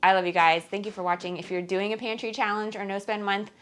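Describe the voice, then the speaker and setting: This frugal-living vlogger speaks quickly in a flat, medium-pitched voice with a clean tone. Working in her home kitchen, she chats to viewers in a rambling way, laughing between phrases and filling her talk with "like" and "um."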